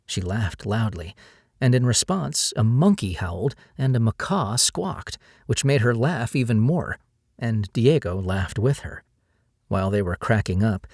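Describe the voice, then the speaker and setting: A man narrating a novel as an audiobook in a steady storytelling read. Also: fairly low pitch, dry recording, clean studio sound. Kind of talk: scripted narration.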